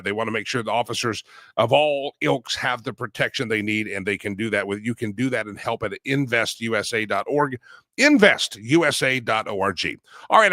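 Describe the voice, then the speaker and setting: A man's voice: medium pitch, bright, forceful tone, dry recording, clean studio sound. A man hosting a talk show, chatting loosely with many fillers. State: coughing. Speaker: radio show host. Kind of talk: casual talk show monologue.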